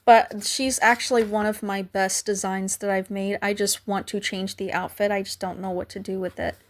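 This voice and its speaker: A woman's voice: medium pitch, little pitch movement, normal speed. A young adult woman hosting a casual livestream, chatting and thanking viewers by name, her voice cracking now and then. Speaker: livestream host.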